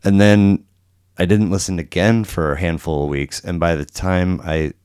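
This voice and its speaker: A middle-aged man hosts a casual podcast chat. His voice sits very low and has a smooth, clean tone, recorded dry with no room sound. He wanders through his thoughts and restarts his sentences often. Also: steady tone, normal speed, darkish tone, no room sound. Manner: rambling, many restarts and fillers, acts out quotes. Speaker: podcast host. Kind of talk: casual conversational interview.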